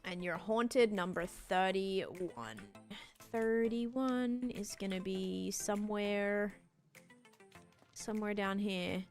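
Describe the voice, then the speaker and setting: A woman's voice: mid-range voice, slow, darkish tone, faint music behind. Chatty young Australian woman streamer. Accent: Australian, softened. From Sydney, Australia. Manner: rambling, chatty, answers chat, many fillers. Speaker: game streamer. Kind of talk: casual live-stream chat.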